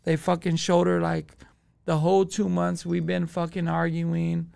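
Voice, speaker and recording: A man's voice: fairly high pitch, completely flat delivery, measured pace, vocal fry, darkish tone. A man, telling a story as a podcast guest in profane street slang. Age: 20s. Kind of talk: casual storytelling.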